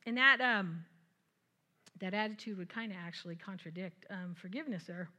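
A woman preaching a conversational sermon, retelling scripture with lively asides and frequent laughter. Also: mid-range voice, normal speed.

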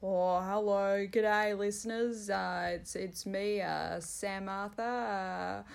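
A woman playing a laid-back male co-host with a broad Australian accent and a hesitant, slow drawl. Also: medium pitch, steady tone, vocal fry, clear, resonant tone. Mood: blokey.

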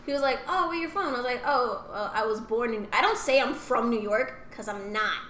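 In a casual podcast conversation, this co-host, a young woman, moves briskly with a fairly high voice. Her storytelling is lively, full of impersonated voices and whispered side comments, recorded in an echoey room carrying faint ambient sound.

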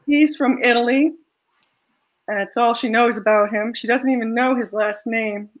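A woman author reading her own romance fiction aloud in a soft, measured way, then chatting about the story. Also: a little high, steady tone, rough recording.

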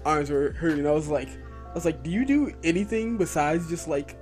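A man's voice: a little high, moderate pace, a little mellow, faint music behind. A young man co-hosting a casual podcast, teasing his friend while acting out quotes in a story. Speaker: podcast co-host. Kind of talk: casual chat.

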